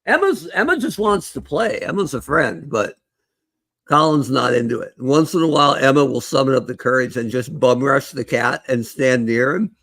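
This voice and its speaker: A man's voice: medium pitch, normal speed, a bit bright, no room sound. A man co-hosting a podcast, chatting casually and making joking asides. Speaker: podcast co-host. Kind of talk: casual chat.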